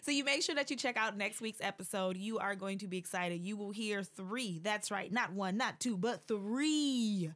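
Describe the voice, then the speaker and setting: A woman's voice: mid-range voice, normal speed, hardly any pauses, a bit bright. A woman hosting a true-crime podcast in casual chat, playful and giggly, hyping the next episode. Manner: playful, giggly, hypes the outro. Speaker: podcast host.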